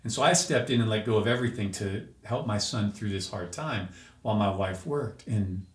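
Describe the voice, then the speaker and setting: A man's voice: lowish voice, moderate pace. A man telling an emotional personal story as a podcast guest, earnest and searching, with restarts. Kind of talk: personal testimony in an interview. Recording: roomy echo.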